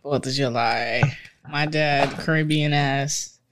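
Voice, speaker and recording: A woman from Barbados co-hosting a podcast, telling stories in a profane, animated way with lots of laughter. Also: very deep voice, slow pace, faint music behind. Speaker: podcast co-host. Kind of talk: casual chat, storytelling.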